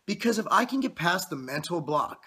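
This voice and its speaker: Man in his thirties, fitness vlogger, blunt profane motivational rant; bright, husky tone. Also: high voice, sing-song, moderate pace. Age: 30s. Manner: blunt, profane, intense pep talk.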